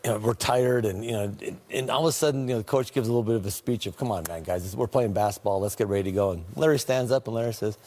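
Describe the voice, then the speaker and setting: A man, a former teammate, telling animated anecdotes and laughing often as he quotes others. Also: on the low side, quick pace, few pauses. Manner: laughing often, quoting others in different voices.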